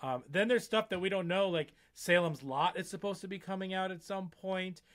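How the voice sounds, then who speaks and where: A man's voice: high-pitched, normal speed, a bit bright. A man, the podcast's producer, chatting casually and rambling with lots of fillers. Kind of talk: casual chat.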